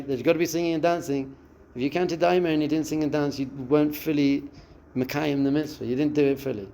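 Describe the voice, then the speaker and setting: A man's voice: fairly high pitch, brisk, vocal fry, slight background noise. A man, a rabbi giving a spiritual lesson and acting out the voices in a listener's head. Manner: expressive, acts out inner voices and quotes. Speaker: rabbi teaching a class.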